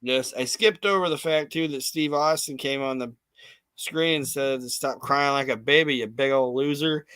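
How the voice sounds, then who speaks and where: A man in casual podcast chat, retelling events in a profane, animated way and quoting people as he goes. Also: mid-range voice, normal speed, clear, resonant tone, no room sound. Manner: profane, animated storytelling with quoted voices. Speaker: podcast co-host. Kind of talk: casual chat recapping wrestling.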